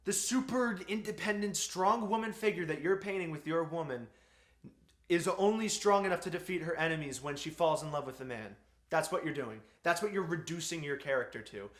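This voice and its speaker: A man giving an exasperated, profanity-laced film review rant. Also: high voice. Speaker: movie reviewer. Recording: echoey room.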